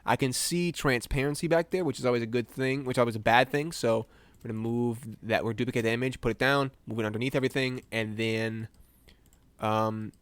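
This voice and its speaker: Young man, American, casual stream chatter, self-mocking, mid-pitched voice, dry close sound. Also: fairly even intonation, a little fast, smooth, no echo. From United States. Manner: rambling, self-mocking, laughs often. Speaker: streamer editing images live. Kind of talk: casual live-stream commentary.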